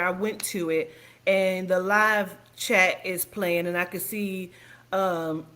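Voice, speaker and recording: Woman streamer, casual commentary, swearing, heated rant, middle-pitched voice. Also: fairly bright tone. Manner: profane, heated ranting. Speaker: livestream commentator.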